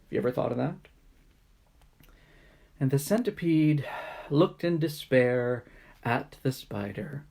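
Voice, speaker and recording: A woman reading a children's story aloud in a playful, animated way. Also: rumbling low, slow pace, vocal fry, long pauses, husky.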